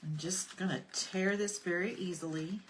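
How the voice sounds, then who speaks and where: A woman's voice: lowish voice, steady tone, normal speed, a little hiss or hum. A woman demonstrating a craft project on a livestream, chatting and greeting her viewers by name between steps. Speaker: craft tutorial host. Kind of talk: casual livestream craft demo.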